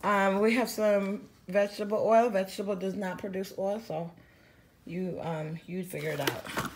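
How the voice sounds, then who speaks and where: Give me a woman chatting casually to camera in her kitchen, mid-pitched and rambling, with rustling bags behind her. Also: fairly even intonation, normal speed, a little hiss or hum. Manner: rambling, many ums, chatty asides. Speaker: vlogger showing a grocery haul. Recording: crinkling bags and clicks behind.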